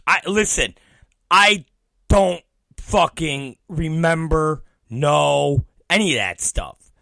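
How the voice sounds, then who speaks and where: A man hosts his own show, telling a story in a swearing, comic rant. His voice sits high and bright, with sudden loud bursts and quiet mutters between unhurried stretches. The sound is dry and close. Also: vocal fry, dry recording. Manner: animated, swearing, laughing storyteller; shifts between loud outbursts and muttered asides. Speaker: podcast host. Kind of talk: profane comedic ranting.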